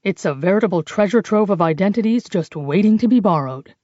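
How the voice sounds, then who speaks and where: A woman voicing a brisk, condescending man in an audiobook who talks over others. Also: medium pitch, animated, dark tone, no room sound, muffled recording, close to an everyday voice. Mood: dry, condescending. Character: sharp-witted brisk man, a forger. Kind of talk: audiobook character voice.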